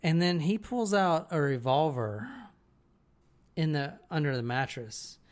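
Brief: casual podcast storyteller, mid-pitched voice, rambling and profane, keeps asking "right?". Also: unhurried. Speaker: podcast co-host telling a story.

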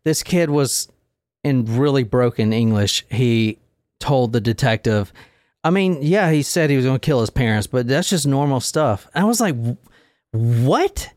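Podcast host, joking storyteller, lively pitch, dry close sound. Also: moderate pace, no echo. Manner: joking storyteller who acts out quotes. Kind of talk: casual comedy true-crime chat.

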